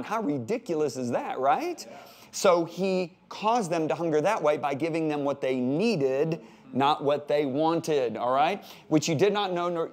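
A man in his sixties from the United States, teaching a sermon with animated emphasis, repeated words and jokey asides. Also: a little high. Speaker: pastor. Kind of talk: sermon-style Bible teaching.

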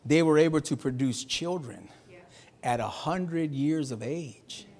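A man pastor preaching a Sunday sermon in a church, talking in a loose, slangy way, sometimes shouting and sometimes dropping to a hush. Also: fairly high pitch, measured pace. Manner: conversational preaching with slangy asides and laughs; swings from shouting to hushed.

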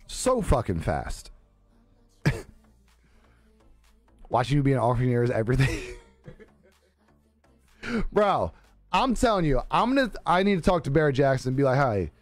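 A man live streaming, telling a story in casual chat, animated and laughing often, acting out the voices he quotes. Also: medium pitch, unhurried, long pauses, dry recording, soft background music.

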